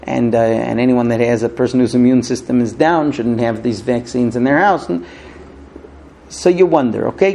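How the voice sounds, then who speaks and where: Gravelly man telling a sermon story. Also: medium pitch, warm tone, slight background noise. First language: not English. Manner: halting restarts, storytelling, acts out quoted voices. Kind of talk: informal sermon with stories.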